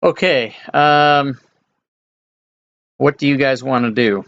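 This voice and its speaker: A man running a tabletop game as dungeon master, explaining slowly with frequent hesitations. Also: mid-range voice, a bit bright, highs cut off. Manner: unhurried, hesitant with many ums.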